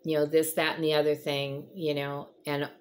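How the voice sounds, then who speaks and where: Woman host, casual faith chat, slightly low voice, earnest, lots of fillers. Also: monotone, normal speed. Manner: conversational, rambling with frequent fillers; earnest, encouraging. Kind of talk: casual devotional talk.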